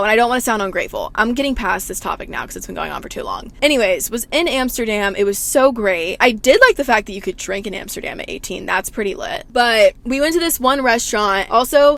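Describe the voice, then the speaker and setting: A woman's voice: medium pitch, fairly bright tone. A young woman from the Southern United States telling a casual, rambling vlog story, full of swearing and fillers. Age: young adult. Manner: rambling, profane, filler-heavy. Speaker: vlogger.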